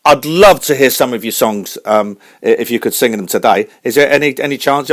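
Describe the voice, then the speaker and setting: A man's voice: medium pitch, brisk, few pauses, fairly bright tone, no echo. A man hosting a comedy radio show, upbeat and teasing in his presenter patter.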